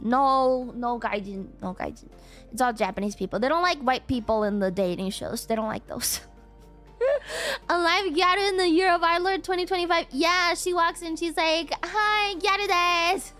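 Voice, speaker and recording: Woman streamer, high voice, animated storyteller, casual chat, quiet music behind. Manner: animated storytelling, acts out quotes, frequent laughter.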